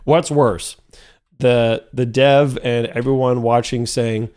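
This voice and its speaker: A young man commentating his own gameplay live, talking to his chat and growing frustrated, with sudden high yelps. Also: unhurried, a little mellow. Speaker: streamer playing a horror game.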